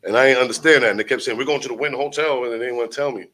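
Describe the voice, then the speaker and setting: A man's voice: mid-range voice, rapid-fire, sharp tone, poor audio. A young man from Brooklyn with a New York accent, a rapper telling a long, profane story as a guest and acting out the other people in it. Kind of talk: animated storytelling.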